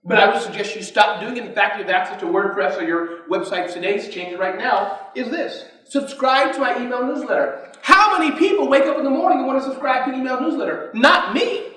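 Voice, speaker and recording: A man giving an energetic business talk at a conference, constantly asking the audience questions. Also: very high voice, fairly quick. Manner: energetic, keeps quizzing the audience. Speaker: conference speaker. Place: conference hall. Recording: echoey hall, distant mic.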